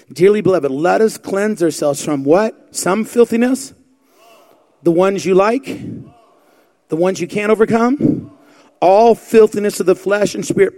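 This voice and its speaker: High-pitched, gravelly preaching man. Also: mellow. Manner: fervent preaching with rhetorical questions and quoted scripture. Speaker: pastor. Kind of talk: sermon.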